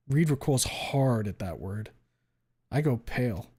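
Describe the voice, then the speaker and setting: A man streaming a dramatic first-person story reading in a quiet, subdued voice. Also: mid-range voice, animated, unhurried, slightly rough.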